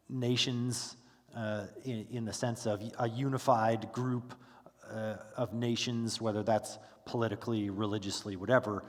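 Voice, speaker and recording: Low-voiced male Bible teacher, casual and halting, asks the class questions. Reverberant hall sound. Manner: casual, with frequent fillers and restarts. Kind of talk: conversational Bible lesson. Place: church classroom.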